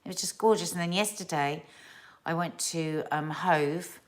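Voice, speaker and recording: A woman's voice: sits low, moderate pace. A middle-aged woman from England hosting a live stream at home, chatting casually and rambling through viewer comments. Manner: chatty, rambling, with restarts and asides. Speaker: host of a family live stream.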